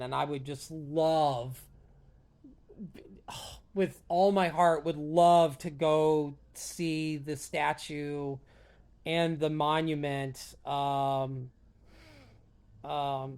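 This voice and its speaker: A vlogger chatting casually on their own, rambling and hesitant with many restarts, earnest and openly emotional about films. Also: mid-range voice. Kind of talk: casual solo chat to camera.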